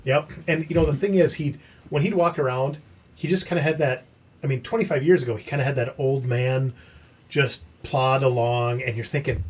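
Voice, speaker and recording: A man's voice: fairly high pitch, fairly quick, slightly rough. A man hosting a podcast, telling a story in casual chat and acting out the quoted dialogue. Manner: animated, acts out quoted dialogue. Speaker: podcast host.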